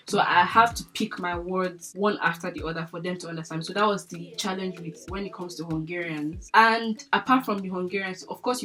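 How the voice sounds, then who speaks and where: A young woman in her twenties with a Nigerian accent, chatting casually to camera as a vlogger, lively, laughing often and filling with "like". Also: on the low side. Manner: chatty, animated, laughs often, many fillers like "like".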